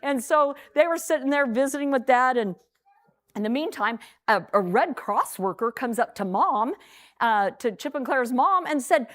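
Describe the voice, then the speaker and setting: A woman telling a picture story to children at a church program, animated and repeating words as she goes. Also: sits high, moderate pace.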